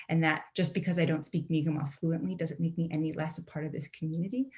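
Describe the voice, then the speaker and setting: A woman's voice: sits low, a little mellow. A young adult woman from a Mi'kmaq community in Canada, giving an earnest, conversational talk as a poet and author over a video call, often asking "right?" and saying "you know". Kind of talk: online presentation talk.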